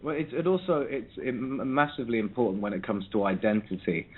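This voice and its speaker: A husky, medium-pitched man, a South London musician, speaks briskly over the phone in a casual interview. He's reflective, with frequent restarts and ums along the way.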